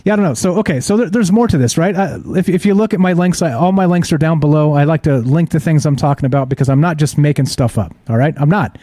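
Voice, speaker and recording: A man's voice: on the high side, fast talker, few pauses, dark tone, no echo, clean studio sound. A man hosting a live-streamed talk show, talking skeptically and rhetorically and checking in with his audience all the time. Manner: skeptical, rhetorical, keeps asking the audience "right?". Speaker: host.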